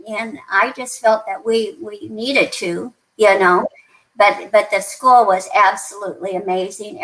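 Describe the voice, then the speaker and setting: An older woman guesting on a podcast, talking in a casual, rambling way. She restarts her sentences often and fills the gaps with "um" and "you know". Her voice sits at an ordinary middle pitch for a woman. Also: fairly bright tone, low-quality recording. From New Mexico, USA. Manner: rambling, many restarts and fillers, chatty. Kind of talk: casual interview storytelling.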